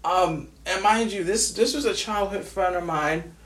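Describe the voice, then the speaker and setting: A man's voice: sits high, a little slow, a bit bright, roomy sound. An angry, grieving man from the United States vents in a profane vlog rant, stammering and repeating himself. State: grieving, furious.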